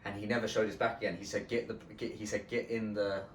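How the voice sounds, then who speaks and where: A low-voiced man recounts a tense experience in loose, profane podcast talk. He stumbles and restarts his sentences often. He was recorded from some distance in a roomy, echoing space. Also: little pitch movement, slight background noise. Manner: halting and profane, with frequent restarts. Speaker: podcast co-host telling a story. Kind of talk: casual storytelling. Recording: roomy sound from a distant mic.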